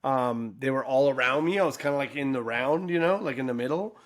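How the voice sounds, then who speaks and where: A man in his forties tells a story on a chatty podcast, lively and animated, jumping into the voices of people he quotes. His everyday middle-pitched voice swings up when he gets excited. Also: brisk, no echo, clean studio sound. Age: 40s. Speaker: podcast co-host. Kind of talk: casual storytelling chat.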